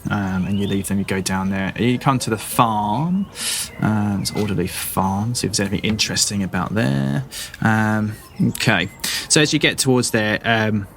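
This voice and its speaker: A man's voice: fairly low pitch, moderate pace, a bit bright, slight background noise. A man narrating a tabletop game as dungeon master, hesitant and full of fillers.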